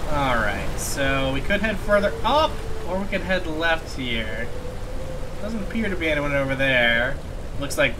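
A man's voice: medium pitch, noisy background. A man casually commenting on a game he is playing, rambling and laughing as he explores. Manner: chatty, giggly, rambling. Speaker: let's play host.

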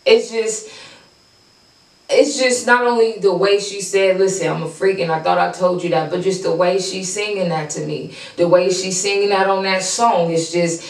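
A woman hosting a casual reaction show, gushing and excitable, repeating herself as she praises the freestyles. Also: on the low side, normal speed, echoey room, recorded from a distance, low-quality recording.

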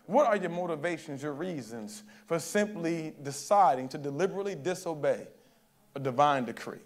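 A man delivers a sermon to his congregation in a relaxed, talky preaching style. His voice sits noticeably high for a man, and he keeps pausing to check that the room is following him. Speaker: pastor. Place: church service.

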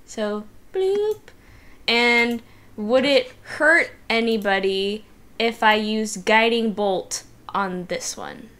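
Bubbly young woman, bright slow voice. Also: on the high side, clear, resonant tone. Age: young adult. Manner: bubbly, excitable cheers. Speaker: player. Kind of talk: casual tabletop play.

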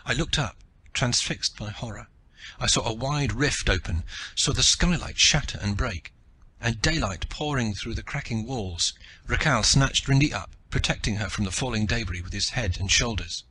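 A man reading an audiobook in the first person with a steady, dramatic delivery. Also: mid-range voice, normal speed, a little hiss or hum. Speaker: audiobook narrator.

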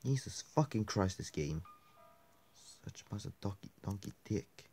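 A man commentating on a horror game he is playing, swearing constantly and swinging between quiet mutters and angry yelling. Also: fairly low pitch, expressive, moderate pace, gravelly, faint music behind. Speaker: gameplay commentator. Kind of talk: casual let's play commentary.

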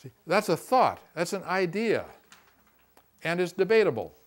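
A man's voice: sits high, very animated, normal speed. A middle-aged man teaching a class in a room, talking to the group casually and often stressing his points with "see".

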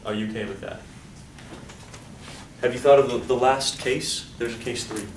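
A man's voice: mid-range voice, moderate pace, distant mic. Joking male teacher in an echoey hall. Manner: animated, joking, asks class questions. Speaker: college statistics teacher. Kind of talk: classroom lecture. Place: lecture hall. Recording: echoey hall, voice off-mic, faint hiss.

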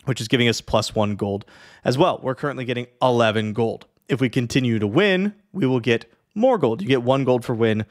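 A man casually explaining a strategy game to beginners in a chatty, lively way, with many fillers and the odd yawn. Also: mid-range voice, a little fast. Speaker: streamer teaching a strategy game. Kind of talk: casual tutorial talk.

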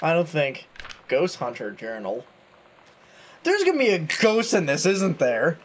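A man's voice: on the high side, huge pitch swings, a little slow, slight background noise. A young man chatting and joking through a video game, reading notes aloud as he goes. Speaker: gaming YouTuber. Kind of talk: let's play commentary.

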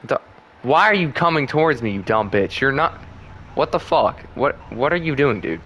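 A man's voice: medium pitch, moderate pace, slight background noise. A young man giving casual gameplay commentary, swearing and trash-talking with frequent laughter. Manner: profane trash talk, laughs often, excitable. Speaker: gaming channel host.

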